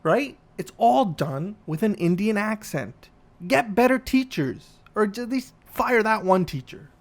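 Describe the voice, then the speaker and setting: A man's voice: fairly high pitch, vocal fry. A man hosting a podcast, delivering a profane, ranting comedic monologue. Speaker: podcast host.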